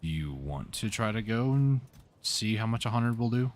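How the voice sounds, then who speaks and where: A man's voice: fairly low pitch, sing-song, normal speed. A man hosting a co-op gameplay session, chatting casually in a laid-back, teasing way. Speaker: let's play host.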